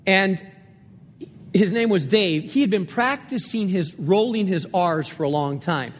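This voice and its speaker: A man with a high, light voice preaches from the pulpit and repeats his key lines to drive them home. He tells anecdotes between points in a sermon cadence. His voice rings out in a long, reverberant hall. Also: animated, a little slow. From Spain. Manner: storytelling with emphatic repetition. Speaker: pastor.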